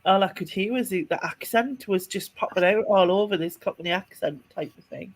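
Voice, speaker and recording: A woman, co-hosting a casual podcast. She tells her story in a rambling way, full of restarts and small laughs, at an ordinary middle pitch. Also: normal speed. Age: 40s. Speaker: podcast co-host.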